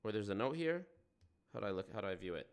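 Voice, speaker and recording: A young man hosts a livestream, rambling in sarcastic, profane stream commentary. His voice is on the low side and smooth, very animated, and he talks at a quick pace.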